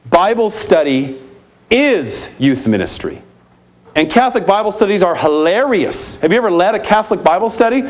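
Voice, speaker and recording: A man giving a live keynote talk at a conference, energetic and emphatic, firing off challenging rhetorical questions. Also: a little high. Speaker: keynote speaker at a youth ministry conference. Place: conference center hall.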